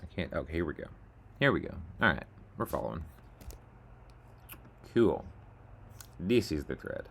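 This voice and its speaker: A man's voice: extremely low pitch, lively intonation, moderate pace, creaky, long pauses, a bit bright, a little hiss or hum. A man casually rambling through a video blog, muttering to himself, mocking himself, and narrating as he scrolls and clicks. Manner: meandering, self-mocking, mutters while scrolling. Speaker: video blogger. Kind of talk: casual rambling screen-share monologue.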